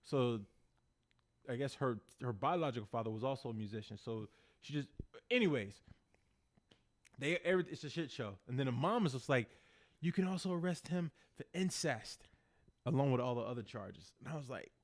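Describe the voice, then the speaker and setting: A man co-hosting a podcast, excitedly retelling a TV episode in casual chat, acting out the characters and swearing freely. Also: medium pitch, fairly quick. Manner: animated storyteller acting out characters, heavy swearing. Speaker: podcast co-host.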